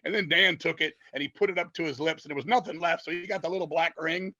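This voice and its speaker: A man's voice: on the high side, steady tone, fast talker, pushed and bright, dry recording, poor audio. A man on a podcast telling long, profane, rambling stories in a casual way. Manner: profane, rambling, lots of swearing. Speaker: podcast guest, metal singer. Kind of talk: casual storytelling.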